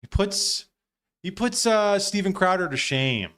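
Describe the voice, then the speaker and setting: A man's voice: high voice, lively intonation, unhurried, a bit bright. A man hosting a live stream, giving loose, profane reaction commentary with frequent laughs.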